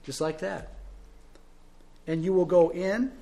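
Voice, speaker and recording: A male pastor preaching a sermon, telling stories and asking rhetorical questions, swinging between loud and soft. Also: high voice, fairly even intonation, slow pace, gravelly.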